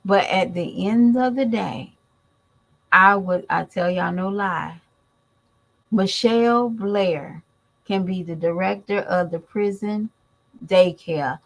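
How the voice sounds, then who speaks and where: A woman's voice: medium pitch, slow pace, gravelly, low-quality recording. A woman and mother giving blunt, emphatic commentary in a vlog, talking straight to her viewers.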